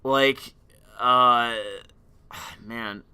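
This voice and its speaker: A young man casually telling a rambling, profane story on a stream, loud by his own account. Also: medium pitch, steady tone, drawn-out words, smooth.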